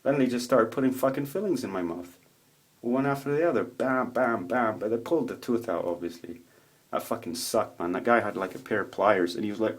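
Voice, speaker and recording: A man's voice: on the low side, brisk. Profane, rambling man vlogging at home. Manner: profane, rambling, animated storytelling. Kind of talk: casual rambling monologue. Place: home room with a roommate nearby.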